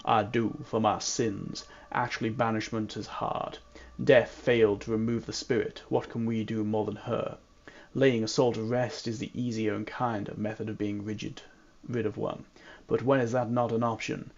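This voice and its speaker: A man reading a calm voodoo practitioner with a put-on Irish accent, in a quiet, low, measured voice. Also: gravelly, lo-fi sound. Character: calm middle-aged male voodoo practitioner. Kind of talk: reading game dialogue aloud.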